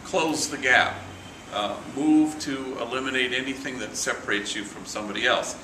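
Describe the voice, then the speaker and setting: A middle-aged priest giving a relaxed storytelling reflection at a morning meeting, sprinkling in Spanish slang and acting out the voices of the people he quotes. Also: mid-range voice, moderate pace. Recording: echoey room, from far off, noisy.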